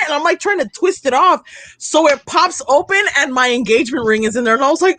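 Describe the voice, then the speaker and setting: A young adult woman chatting casually with friends, animated, full of "like," acting out what people said. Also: sits high, fast. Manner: animated storytelling, many "like"s, acts out quotes. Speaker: friend telling a story. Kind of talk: casual chat.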